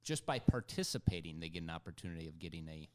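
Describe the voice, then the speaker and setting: A man's voice: low voice, expressive, quick pace, a little mellow. A man co-hosting a casual podcast chat, upbeat and tossing out marketing ideas.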